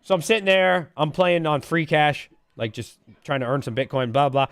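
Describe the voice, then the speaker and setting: A man in his thirties tells a story in animated casual chat, his pitch a little high and leaping all over as he imitates beeps and quotes himself. He drops "bro" and "dude" constantly. The sound is dry and close. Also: moderate pace, dry recording. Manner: says "bro" and "dude" a lot. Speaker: caller.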